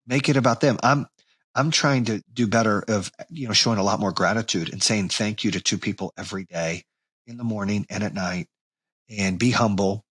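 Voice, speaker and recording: A man in his forties with a husky, slightly low voice, delivering a blunt motivational talk. He swears casually and gets animated when he acts out losing his temper. The sound is dry and close. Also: no echo. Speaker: podcast host. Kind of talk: motivational monologue.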